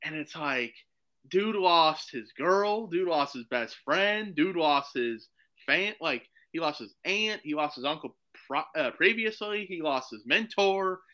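A man chatting as a podcast guest, rambling excitedly with lots of fillers. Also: on the high side, a little slow, rough recording. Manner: excited, rambling, full of "like" and "you know". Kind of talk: casual chat.

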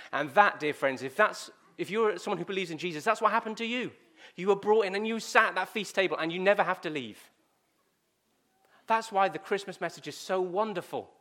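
A man's voice: sits high, fairly quick. A male preacher, giving a sermon in a conversational storytelling manner. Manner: conversational storytelling, lively and direct.

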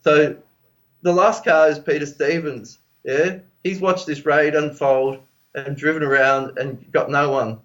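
A man's voice: on the high side, steady tone, measured pace, a bit bright, highs cut off. An Australian man, a podcast guest, telling a long rambling story with plenty of swearing, fillers and restarts. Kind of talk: casual storytelling.

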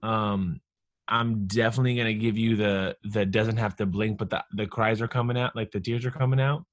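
A man's voice: lowish voice, fairly even intonation, moderate pace, no room sound, studio quality. A man in his thirties, a married father, talking casually and reflectively on a podcast, in long earnest phrases. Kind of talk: casual chat.

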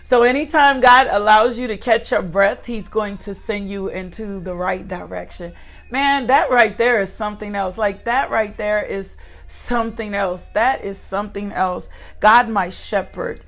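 Female devotional preacher, fervent and repetitive, mid pitch, grows emphatic. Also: fairly even intonation, unhurried, faint music behind. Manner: fillers and restarts, talks directly to listeners. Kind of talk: morning devotional sermon.

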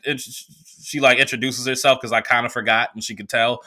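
A young man, a comedian from the Bay Area, telling a profane, animated story in casual talk and acting out the voices he quotes. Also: mid-range voice, brisk. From San Francisco Bay Area. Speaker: comedian podcast host.

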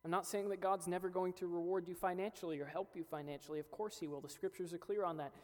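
A young man preaches fast as a pastor, his high voice keeping fairly even intonation as he builds earnestly to emphatic peaks. The sound echoes through a church hall with faint music in the background.

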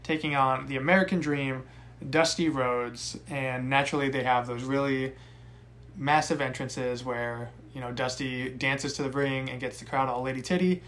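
A young man co-hosting a casual podcast, recapping a wrestling match with profane, animated rants. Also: medium pitch, normal speed. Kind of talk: casual chat.

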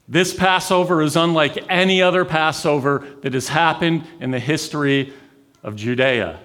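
A man preaching a sermon, telling the story with dramatic swings between raised intensity and near-whispered pauses. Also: a little high. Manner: dramatic, swings from loud to hushed. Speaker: pastor.

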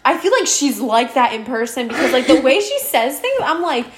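A young woman co-hosting a casual chat, animated and giggly, peppering her talk with "literally.". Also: sits high, moderate pace, reverberant. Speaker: podcast co-host.

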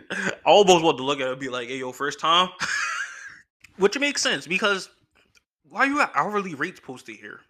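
A young man hosting a podcast, telling a story in a casual, slangy, animated way, laughing between lines. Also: medium pitch. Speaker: podcast host.

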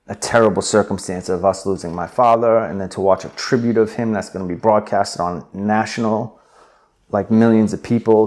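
Brief: young man, low voice, animated storyteller, lots of "like" and "um". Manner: animated retelling with filler words. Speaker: interview guest. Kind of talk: conversational storytelling.

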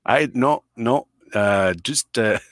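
This is a man telling a comic story. He talks in a blunt, rambling, profane way and jumps into loud impressions, so his pitch swings a great deal. The voice sounds dry and close to the mic. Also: expressive, slow pace, no echo. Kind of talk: improvised comedic storytelling.

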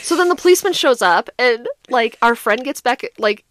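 A young woman co-hosting a podcast, telling a story in casual chat with a dramatic, animated delivery full of "like" fillers. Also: on the high side, moderate pace, no echo. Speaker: podcast co-host.

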